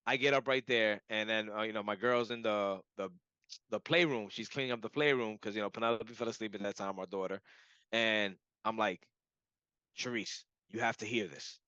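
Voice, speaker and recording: A man telling a personal story in a casual, animated way, full of "like" and "you know". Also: lowish voice, moderate pace, clear, resonant tone, no room sound. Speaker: client giving a testimonial. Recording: dull lo-fi audio.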